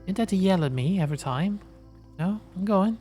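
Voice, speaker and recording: A man's voice: high voice, lively intonation, a little fast, dark tone, faint music behind. A man giving live gameplay commentary as a streamer, sarcastic and swearing casually.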